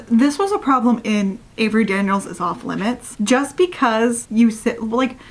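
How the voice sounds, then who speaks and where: Woman book reviewer from New Hampshire; casual, sarcastic and exasperated, quick to laugh. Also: fairly high pitch.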